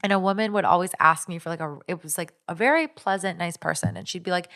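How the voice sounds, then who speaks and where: A young woman co-hosting a casual podcast, with a slightly low voice. She talks in animated bursts, stacking fillers and restarting her sentences as she tells her story. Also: fast, few pauses. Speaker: podcast co-host. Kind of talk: casual chat.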